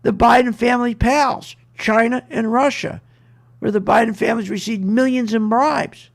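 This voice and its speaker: High-pitched, gravelly man ranting. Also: fairly even intonation. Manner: indignant, rapid, mocking with sarcastic quoted asides. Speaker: radio show host. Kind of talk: political rant on a talk radio show.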